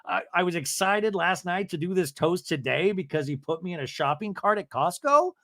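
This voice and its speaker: A man hosting a podcast, recapping a reality TV episode and acting out the cast's lines in higher voices. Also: animated, normal speed, fairly bright tone, no echo, clean studio sound. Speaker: podcast host.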